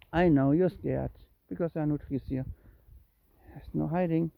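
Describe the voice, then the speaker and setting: Coaxing pet owner vlogging outdoors on a phone; lively, gravelly, tinny phone-line sound. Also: normal speed, no echo. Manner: coaxing, calls the kitten with high meows. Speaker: cat owner filming a kitten walk. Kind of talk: casual narration while walking. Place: outdoors in woods and grass at dusk. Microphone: handheld phone.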